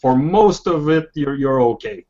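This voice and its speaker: A man's voice: medium pitch, animated, dark tone. Man running a tabletop game, lo-fi sound. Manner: halting, many restarts and fillers. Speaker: game master. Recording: dull lo-fi voice chat audio.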